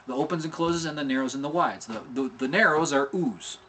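A man's voice: fairly high pitch, a little fast, bright, forceful tone, a little hiss or hum. A middle-aged man giving a casual animation tutorial, chatty and informal, often checking in with "okay?" and sounding out mouth shapes as he explains. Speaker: animation instructor.

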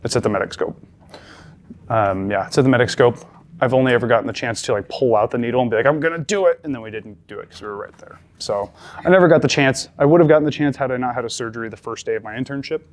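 A man's voice: mid-range voice, fast talker. A male paramedic instructor giving a classroom lecture, talking conversationally and repeating the key points with emphasis.

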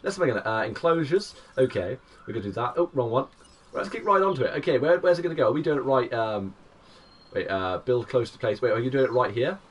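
A man in his twenties streaming a game live, excitable and chatty, greeting viewers by name. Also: mid-range voice, quick pace, slightly rough, distant mic. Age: 20s. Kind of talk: live gaming stream commentary.

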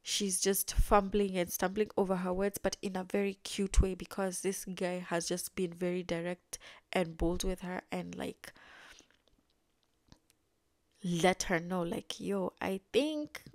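A woman's voice: fairly low pitch, completely flat delivery, moderate pace, a little mellow, no echo, studio quality. Chatty young woman recapping an episode. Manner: chatty, acts out characters' lines in quotes. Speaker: video reviewer.

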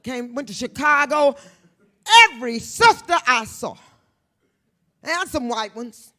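A woman in her sixties, an author guest on stage at a live book event, talking to the audience in a brash, profane, stand-up style, swinging from shouts to hushed near-whispers. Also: sits high, slow. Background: faint audience murmur and laughter.

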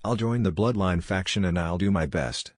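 A man's voice: low-pitched, no echo, studio quality. A man voicing a shy, lonely ten-year-old boy ninja who speaks hesitantly in a fan-fiction audiobook. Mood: determined. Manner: hesitant, slow and timid.

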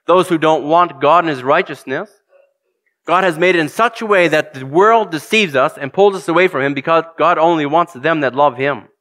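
A man's voice: on the high side, moderate pace, a bit bright. A man preaching a sermon, earnest and direct, putting questions to his congregation and reading scripture aloud.

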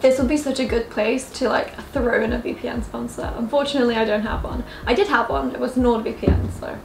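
This young woman's kitchen vlog is chatty and self-deprecating, full of laughter and remarks to her cat. Her slightly high voice is creaky and brisk, with fairly even intonation. Lofi music runs beneath the echoey kitchen sound.

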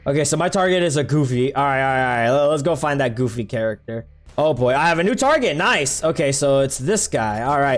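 A young man casually commenting on his own gameplay, excitable and slangy, often yelping and shouting at what happens on screen. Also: on the high side, a little fast, faint music behind. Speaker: gaming video creator.

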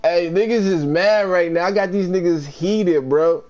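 A high-pitched man streaming a game, full of brash, profane trash talk. He goads his opponents and keeps laughing at them. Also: unhurried, darkish tone. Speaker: gaming streamer. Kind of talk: live gaming stream commentary.

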